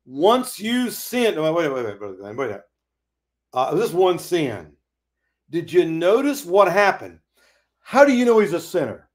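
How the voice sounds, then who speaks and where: A man's voice: fairly high pitch, huge pitch swings, normal speed. A man teaching a Bible study in a folksy, preachy way, acting out quoted dialogue.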